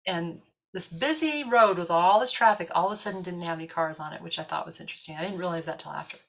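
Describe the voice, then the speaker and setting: A woman talking as a guest on a chat show, telling a story in an animated way and acting out what people said. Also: lowish voice, quick pace, gravelly, poor audio. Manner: animated, acts out quotes.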